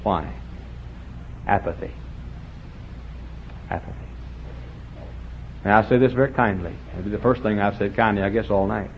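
A man preaching a fiery revival sermon, swinging from shouts to low quiet lines. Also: steady tone, normal speed, creaky, long pauses. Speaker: pastor. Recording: dull lo-fi with faint hiss.

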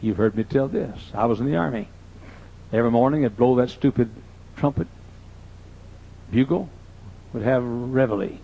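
Captured in a dull, lo-fi recording, an older man preaching a sermon tells jokey, folksy anecdotes. His pitch is fairly high, with a darkish tone.

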